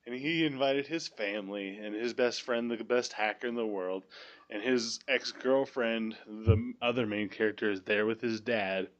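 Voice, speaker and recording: A man's voice: on the low side, moderate pace, dull audio. Profane joking man hosting a podcast. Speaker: podcast host. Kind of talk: casual movie discussion.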